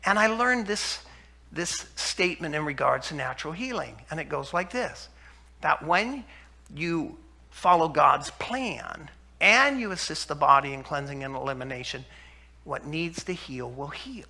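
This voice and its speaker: A man giving a health lecture to an audience, telling stories and acting out the dialogue with animated energy. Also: on the high side, unhurried, vocal fry. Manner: animated storyteller, acts out dialogue, laughs. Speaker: health speaker.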